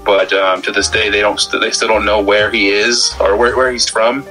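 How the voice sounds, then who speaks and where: Bright-voiced man rambling about a film. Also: on the low side, little pitch movement, moderate pace, faint music behind, low-quality recording. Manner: rambling, stammering, many restarts. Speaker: podcast co-host. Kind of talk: casual film-discussion chat.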